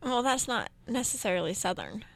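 A woman co-hosting a radio show, relaxed, chatting and laughing along. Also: a little high, a little fast, vocal fry, dry recording. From Alabama. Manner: relaxed, laughing, backchannel replies. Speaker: radio co-host. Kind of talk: casual radio chat.

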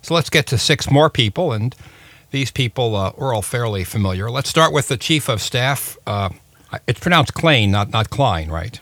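A man hosting a talk radio show, chatty and jokey, interviewing a guest with some halting pauses. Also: mid-range voice, lively intonation, a bit bright, no room sound. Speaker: radio host.

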